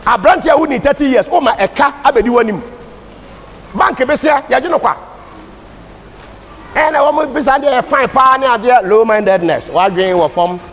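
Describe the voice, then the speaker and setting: A man's voice: very high voice, expressive, moderate pace, a bit bright. A Ghanaian man teaching a Bible class in a sermon style, speaking with a Ghanaian English accent and mixing English with Twi in an emphatic preaching cadence. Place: church hall. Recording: distant hall reverb with faint ambient noise.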